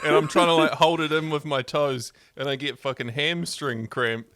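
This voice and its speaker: A man's voice: fairly high pitch, steady tone, moderate pace, fairly bright tone, no echo, clean studio sound, soft background music. A New man co-hosting a podcast, chatting casually with wry, understated humour. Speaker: podcast co-host. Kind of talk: casual chat.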